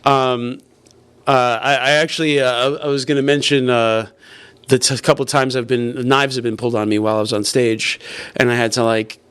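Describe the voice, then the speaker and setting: A man's voice: medium pitch, level tone, moderate pace, a bit bright, clear, resonant tone. A man, a comedian guest, telling a long story casually, full of restarts and swearing. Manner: rambling with many restarts and swearing.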